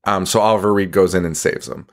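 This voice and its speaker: Deep-voiced and steady, this man talks at a quick pace while co-hosting a podcast. He rambles through a movie recap with plenty of cursing, laughs, and sarcastic quotations.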